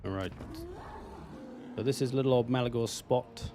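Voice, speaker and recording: A gaming streamer from England casually commentates on a strategy game during a live stream, answering chat and swearing now and then. His English-accented voice is mid-range at a normal speed, with a noisy background.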